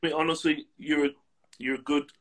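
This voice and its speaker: A man telling casual, profane stories as a guest in a relaxed chat. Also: fairly high pitch, fairly quick, rough recording. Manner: profane, laid-back anecdotal.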